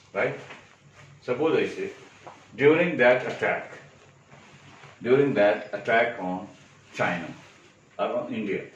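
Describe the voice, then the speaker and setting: Male teacher, lowish voice, explains patiently with rhetorical check-ins, distant mic in a hollow echoey room. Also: lo-fi sound, a little hiss or hum. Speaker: English teacher. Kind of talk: exam-prep grammar lecture.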